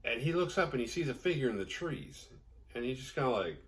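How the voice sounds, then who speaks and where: A man's voice: mid-range voice, lively intonation, brisk. A man hosting a horror movie podcast, recapping a film in a rambling, sarcastic, profane way. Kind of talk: casual movie recap with jokes.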